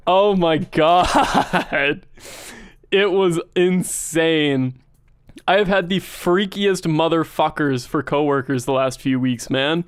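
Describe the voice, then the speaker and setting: A man telling stories casually on a livestream, animated and profane, often laughing. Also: on the high side, clean tone, no echo, clean studio sound. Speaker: streamer.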